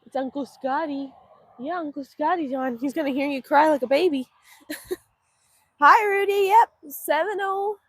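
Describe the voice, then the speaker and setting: A woman's voice: sits high, moderate pace, no echo. A woman from Northeast Texas, hosting a casual livestream from an outdoor cow pen. She chats affectionately, answers viewer comments and coos to the animals in a sing-song baby voice. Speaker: livestream host.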